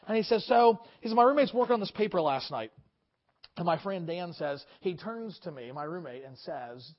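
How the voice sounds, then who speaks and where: High-voiced man preaching a sermon. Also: lively intonation, normal speed. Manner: earnest, frequent fillers and restarts. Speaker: pastor. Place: church service. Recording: dull lo-fi sermon recording.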